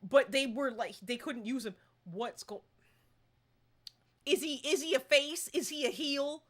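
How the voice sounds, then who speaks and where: A young woman live-streaming a game, chatting casually and excitably and breaking into squeals. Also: sits high, measured pace.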